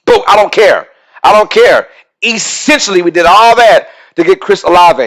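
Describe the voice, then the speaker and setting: A man hosting a casual live-stream sports talk show, excitable and reading out chat comments as he goes. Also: fairly high pitch, rough recording.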